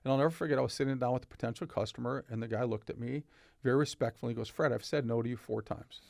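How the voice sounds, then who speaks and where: An older company founder tells stories in a casual podcast interview, acting out the dialogue as he goes. His mid-range, slightly mellow voice races along with vocal fry, and the studio sound is clean with no echo.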